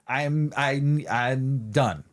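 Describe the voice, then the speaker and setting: A male podcast co-host spins a loose, rambling story in casual chat. He swears often and slips into quick acted-out quotes of himself. His voice sits at an ordinary middle pitch.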